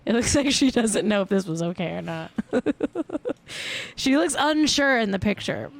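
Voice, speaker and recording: A woman's voice: medium pitch, expressive, moderate pace, creaky. A young adult woman hosting a celebrity gossip show, chatting casually and joking with frequent giggles. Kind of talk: casual live-stream chat.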